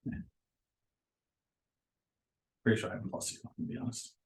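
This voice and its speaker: A man playing in a tabletop game, speaking in a low-key way. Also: normal speed, roomy sound, poor audio. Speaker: player. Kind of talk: casual tabletop game chat.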